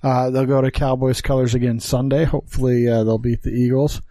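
A man co-hosting a laid-back podcast, rambling and blunt with the odd curse. His voice is mid-pitched and mellow. The sound is dry and close. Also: flat delivery, brisk, dry recording. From Utah. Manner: blunt, rambling, swears casually. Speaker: podcast co-host. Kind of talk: casual chat.

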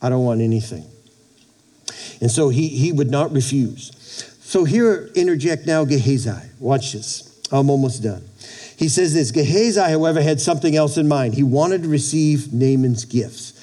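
Mellow-voiced preacher, man retelling a story. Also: fairly high pitch. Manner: storytelling, acts out the characters' lines; halting, repeats words. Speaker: pastor. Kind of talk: sermon.

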